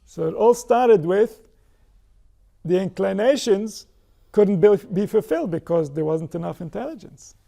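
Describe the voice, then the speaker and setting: A man's voice: sits high, gravelly, mellow. A man giving a spiritual Torah lecture, posing rhetorical questions and answering them himself. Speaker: spiritual teacher.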